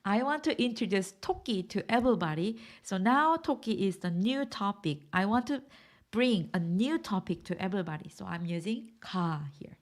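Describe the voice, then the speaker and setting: A woman's voice: medium pitch, expressive, brisk. A woman with a Korean accent teaching grammar in English to learners, patiently repeating example sentences and checking understanding with questions.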